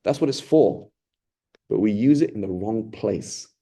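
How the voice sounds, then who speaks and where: A man with a lowish, mellow voice gives a Ramadan Quran talk. He speaks conversationally and emphatically, poses rhetorical questions, and slips into lively voices to act out what people say. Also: measured pace, creaky. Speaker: Quran teacher.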